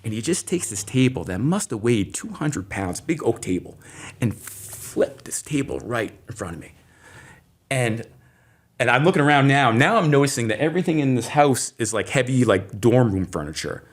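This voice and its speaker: A man's voice: mid-range voice, moderate pace. Middle-aged man telling a story. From Maine, USA. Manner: animated storyteller who acts out quoted voices. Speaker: interview guest. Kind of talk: storytelling in conversation.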